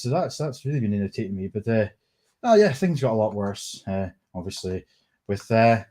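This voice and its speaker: A man's voice: on the low side, a little mellow, slightly rough. A man with a Scottish accent doing a sweary, scornful casual rant on a live stream, laughing often. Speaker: livestream commentator.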